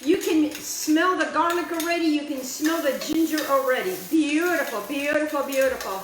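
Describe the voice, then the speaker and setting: High-voiced lady cooking outside, super chatty and excited, tosses in italian words, echoey with a bit of noise. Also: moderate pace, few pauses. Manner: chatty, enthusiastic, drops in Italian phrases. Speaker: cooking show host. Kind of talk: casual cooking demonstration. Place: outdoor kitchen, windy.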